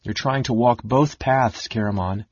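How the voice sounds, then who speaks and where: A man voicing a firm, resolute young wife who speaks quietly, steadily and earnestly. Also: mid-range voice, a little slow, slightly rough, dry recording. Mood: gentle. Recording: dull lo-fi dry audiobook recording.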